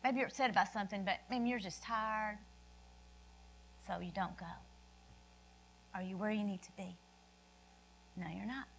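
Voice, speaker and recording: A woman's voice: medium pitch, fairly even intonation, moderate pace, gravelly, long pauses, a bit bright, a little hiss or hum. A woman preaching a sermon, emphatic, asking questions of her listeners and answering them.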